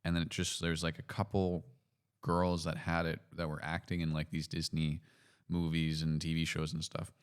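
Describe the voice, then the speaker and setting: A man from Canada hosting a podcast, talking in a relaxed, hesitant way with lots of fillers. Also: a bass voice, normal speed, few pauses, clean tone. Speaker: podcast host. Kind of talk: casual chat.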